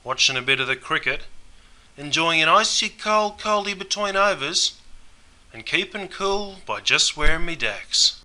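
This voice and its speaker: A man's voice: a little high, animated, unhurried, sharp tone, heavily acted, rough recording. A man doing a slangy Aussie bloke. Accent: Australian. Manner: broad slangy ocker drawl. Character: laid-back Aussie bloke watching cricket. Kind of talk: scripted comedy sketch.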